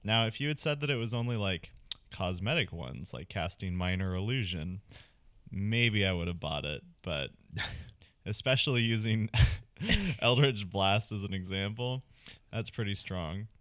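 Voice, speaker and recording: Bright, crisp-voiced man talking game strategy. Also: fairly low pitch, animated, a little slow, dry recording, muffled recording. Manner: analytical, laughing often. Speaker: podcast panelist. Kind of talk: casual podcast chat.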